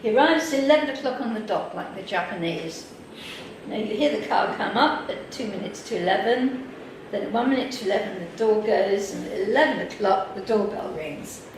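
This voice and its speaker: A woman with an English accent giving a workshop talk, telling lively stories and acting out what other people said. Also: medium pitch, brisk. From England. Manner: lively anecdotal, acts out quoted people. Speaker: workshop speaker. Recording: echoey hall, mic far off, faint noise.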